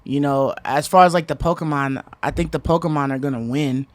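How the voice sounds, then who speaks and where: A man's voice: on the high side, steady tone, fairly quick, dry recording. A man in his thirties co-hosting a casual podcast, rambling with lots of fillers and restarts. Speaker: podcast co-host.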